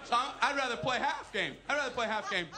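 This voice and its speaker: A man voicing a goofy, excitable young boy Little Leaguer who babbles happily. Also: very high-pitched, fast, a crowd in the background, pitched above the performer's own voice. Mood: giddy. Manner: giddy, babbling, giggly. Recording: live show with loud audience and noise.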